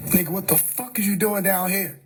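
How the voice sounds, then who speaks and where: A young man with a notably high-pitched voice rants to his livestream audience, swearing freely and sounding incredulous. He breaks into laughter often as he talks. A faint hiss of noise sits under his voice. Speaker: livestream host. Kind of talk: casual livestream rant.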